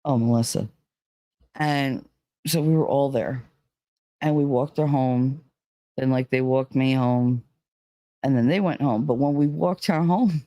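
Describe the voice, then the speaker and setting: A woman's voice: very deep voice, measured pace, long pauses, warm tone, no echo. A woman telling a personal story in a casual, rambling way, full of "like" and "you know.". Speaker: vlogger.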